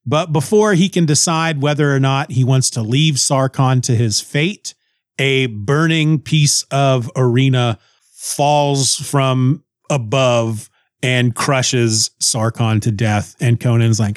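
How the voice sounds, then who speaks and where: A man's voice: mid-range voice, measured pace, no room sound, studio quality. A man recapping a comic book in casual, wry talk, often stumbling over and repeating words.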